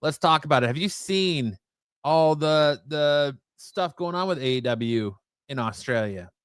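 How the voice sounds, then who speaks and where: A man's voice: fairly high pitch, unhurried, clear, resonant tone, no echo. Casual male wrestling show host. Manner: relaxed, joking, explains in detail. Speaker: podcast host. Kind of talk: casual live-stream chat.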